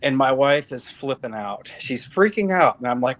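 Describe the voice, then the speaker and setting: A man's voice: mid-range voice, animated, normal speed, hardly any pauses, fairly bright tone, low-quality recording. Middle-aged man, interview guest, earnest testimony, leans hard on repeated words. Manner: emphatic storytelling with repeated phrases. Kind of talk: personal faith testimony.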